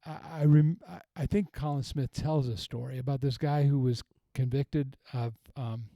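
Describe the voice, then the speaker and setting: A middle-aged man, a pastor hosting a podcast, teaching earnestly and reflectively in a relaxed conversation, often restarting his sentences. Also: mid-range voice, moderate pace, vocal fry, no room sound. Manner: earnest, reflective, with frequent restarts and retold quotes.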